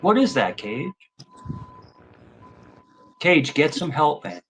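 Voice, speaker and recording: A man's voice: a little high, very animated, slow pace, fairly bright tone, a little hiss or hum, low-quality recording. A man in his fifties arguing heatedly on an online panel, confrontational and repeating himself. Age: 50s. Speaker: panel guest.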